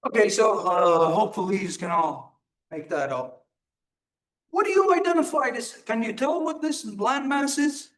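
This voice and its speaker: A man leads a live teaching session, his voice sitting high for a man and swinging widely in pitch. He talks emphatically and keeps putting questions to his listeners. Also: animated, normal speed, a bit bright. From Turtle Island. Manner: emphatic, rhetorical, asks the audience questions. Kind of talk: live teaching talk to an audience.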